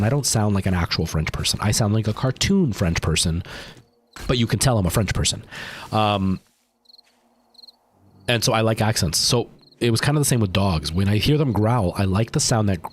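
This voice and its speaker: A man livestreaming a game, chatting casually and rambling to his chat while he plays. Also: lowish voice. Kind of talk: casual gameplay stream chat.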